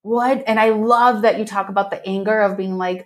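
A woman hosting a podcast in a casual interview, animated and effusive, laughing often and swearing freely. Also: mid-range voice, normal speed. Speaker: podcast host.

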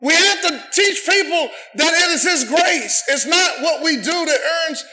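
A middle-aged pastor preaching a sermon in a church, shouting passionately and calling on the congregation to say amen. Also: male voice, very high-pitched, animated, measured pace. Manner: impassioned shouted preaching with call-and-response. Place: church sanctuary. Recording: echoey church room.

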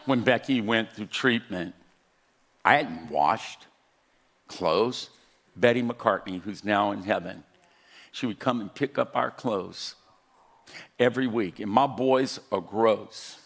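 A man's voice: on the low side, takes it slowly, vocal fry, long pauses. Older man preaching with storytelling humor. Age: 60s. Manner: storytelling with jokes, rising to loud exhortation. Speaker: pastor. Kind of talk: sermon.

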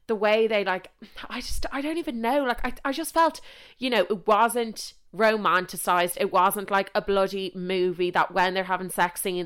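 A young Irish woman talks as a podcast host, chatty and animated, sprinkling in casual swearing and running away with her thoughts. Her voice is smooth and clear, sitting at a middling pitch. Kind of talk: casual chat.

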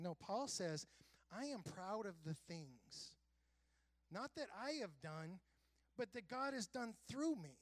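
Guy pastor preaching, high voice, gets loud and emphatic, bit sarcastic, dry close sound. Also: expressive, measured pace, long pauses, dry recording. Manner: earnest preaching with self-described sarcastic humor. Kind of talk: sermon.

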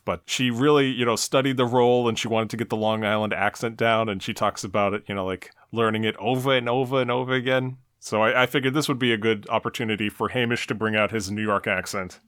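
Male podcast host, casual and chatty, mid pitch, dry close sound. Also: no room sound. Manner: relaxed, chatty, frequent fillers. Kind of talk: casual commentary on an old talk show.

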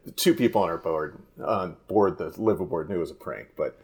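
Low-voiced man telling a rambling story. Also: brisk. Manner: rambling, animated anecdotes with frequent restarts. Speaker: fishing guide, guest. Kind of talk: casual storytelling in a podcast interview.

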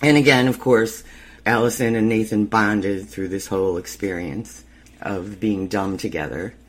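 A man recaps a TV episode in a casual, chatty way and laughs easily. His voice sits somewhat low. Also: measured pace, fairly bright tone, slight background noise. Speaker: podcast host.

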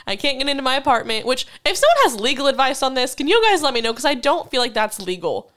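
A young woman swears freely and tells her story with animated energy in a relaxed chat. Her voice sits a bit higher than most. She laughs easily as she talks. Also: quick pace. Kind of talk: casual chat.

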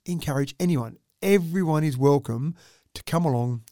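A man, a council representative, explaining plans in a measured, thinking-aloud way during a radio interview. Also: a little high, dark tone, dry recording, studio quality.

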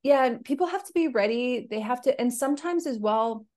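A woman hosting a podcast, asking a guest open questions in a relaxed, casual chat. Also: a little high, fairly quick. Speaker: podcast host.

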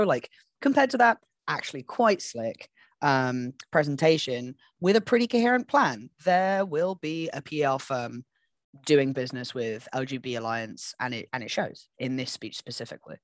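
A podcast co-host in casual political chat, talking analytically and filling pauses with um and you know. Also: mid-range voice, dry recording.

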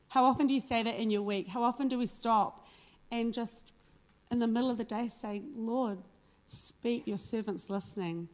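Earnest woman preacher, conversational sermon. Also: medium pitch. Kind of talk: sermon with scripture reading.

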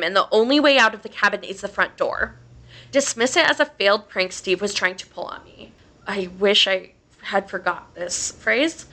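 A woman's voice: medium pitch, normal speed, bright, forceful tone. A woman podcast host casually reading a horror story aloud, swearing freely and laughing between lines.

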